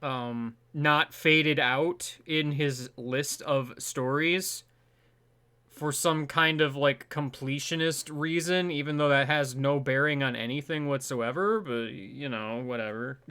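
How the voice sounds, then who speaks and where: A man's voice: medium pitch, takes it slowly, sharp tone, clean tone. A young man rambling casually through gameplay commentary, laughing at his own asides. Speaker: let's play host.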